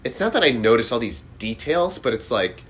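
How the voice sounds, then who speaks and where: A man's voice: mid-range voice, big pitch swings, fairly quick, fairly bright tone, a little hiss or hum. A young man hosting a casual movie podcast, rambling with many restarts. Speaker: podcast host. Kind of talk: casual chat.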